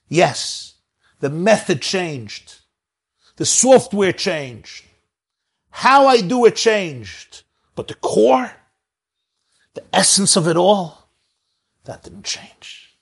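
A man's voice: a little high, expressive, takes it slowly, long pauses, breathy edge. A man giving a spiritual talk, telling stories in an emphatic way and stacking up repeated phrases. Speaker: spiritual teacher. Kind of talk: sermon storytelling.

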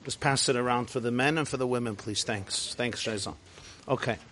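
A man's voice: mid-range voice, a little fast, a bit bright, slight background noise. A man teaching a class on Jewish faith, emphatic and building phrase on phrase.

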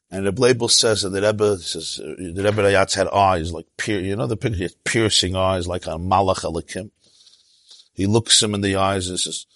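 A man giving a sermon as a rabbi, telling an animated story with quoted voices and Yiddish and Hebrew terms mixed in. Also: sits low, moderate pace, no room sound. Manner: animated, tells stories with quoted voices and asides.

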